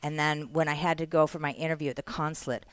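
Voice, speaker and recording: A middle-aged woman from Canada, a podcast guest, telling an animated story in casual chat and acting out the voices of others. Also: low-pitched, fast talker, no echo.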